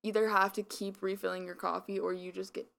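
A woman's voice: mid-range voice, little pitch movement, brisk, creaky, a bit bright. A young woman co-hosting a podcast in casual chat, rambling with lots of filler words and a slight mumble. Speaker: podcast co-host.

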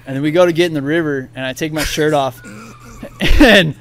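A man as a podcast guest telling a long story in a casual, animated way, laughing often and acting out what others said. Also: a little high, fast talker, a little hiss or hum.

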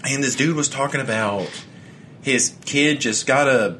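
A man in casual chat who rants with lots of swearing, laughs as he talks, and mocks other people in flat put-on voices. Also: medium pitch, measured pace, a little hiss or hum. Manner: laughs often while talking.

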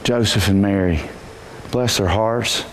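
A male pastor preaches a sermon in church, telling the story energetically and shifting from quiet asides to shouted peaks. His voice is lowish and a little slow, with a bit of hiss or hum in the recording.

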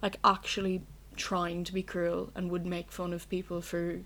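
A woman's voice: fairly low pitch, monotone, normal speed, fairly bright tone. A young woman with an Irish accent, hosting a solo podcast from her bedroom in a candid, rambling way, swearing freely. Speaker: podcast host. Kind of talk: casual solo podcast chat.

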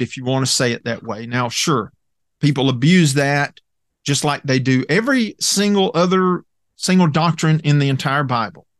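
A man teaching through a Bible passage in an earnest, emphatic way, often pausing with "uh" and checking in with "okay?". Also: a little high, no echo, studio quality.

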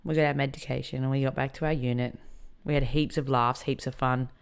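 A woman's voice: extremely low pitch, steady tone, brisk, creaky, smooth. A woman hosting a podcast, candidly telling a personal story in a conversational way. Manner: candid and conversational, with many fillers. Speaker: podcast host.

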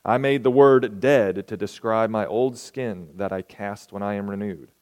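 A man voicing a sly, flattering tempter serpent from a play, reading its lines calmly. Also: fairly low pitch, measured pace, natural voice. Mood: coaxing.

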